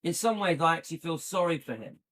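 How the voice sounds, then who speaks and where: A man's voice: on the high side, animated, fast talker, a bit bright. A man hosting a commentary channel, reacting indignantly and firing repeated rhetorical questions.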